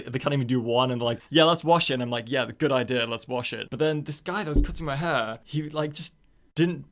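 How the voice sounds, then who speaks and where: A young man, co-hosting a podcast and telling rambling stories in casual chat, laughing often. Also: mid-range voice. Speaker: podcast co-host.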